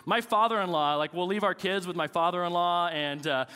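A man's voice: high voice, a little fast, bright, forceful tone, clear, resonant tone, big-room sound. A man in his thirties, a pastor preaching a sermon with casual, joking stories about family life.

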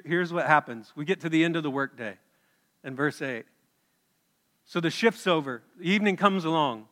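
A male pastor delivers a sermon in a bright, forceful voice, telling the story in a conversational way and putting questions to his listeners. His voice rings out with a long reverb from a large hall. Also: a little high.

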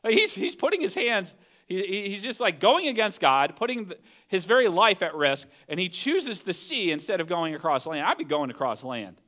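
A male pastor delivering a sermon in a high, lively voice with a bright edge. He tells the story animatedly, slipping into the voices of its characters. The recording sounds somewhat dull and lo-fi. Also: normal speed.

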